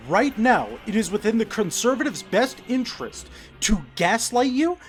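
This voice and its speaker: A man's voice: high voice, a bit bright. A man giving a direct-to-camera political rant, profane, emphatic and hectoring. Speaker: political commentator.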